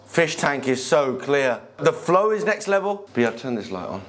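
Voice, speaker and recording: A young man, hosting a casual vlog and telling stories in an animated, slangy way. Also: medium pitch, normal speed, a crowd in the background. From England. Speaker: vlog host. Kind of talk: casual vlog chat and storytelling.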